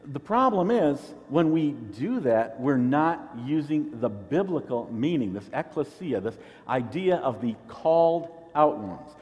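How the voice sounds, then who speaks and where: A man's voice: medium pitch, animated, a little slow, hardly any pauses, big-room sound, dull audio. A man pastor preaching a sermon, teaching in an earnest way and often repeating a word as he restarts.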